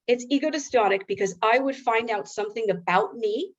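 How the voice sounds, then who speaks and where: A woman's voice: on the high side, fairly quick. A woman presenting in a webinar, telling a personal story in a candid, self-mocking, conversational way. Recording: slightly dull lo-fi webinar audio.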